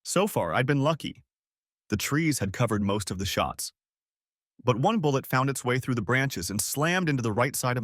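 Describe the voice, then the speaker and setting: A man reading a first-person story aloud in a dramatic, expressive way. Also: mid-range voice, dry recording, studio quality. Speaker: story narrator.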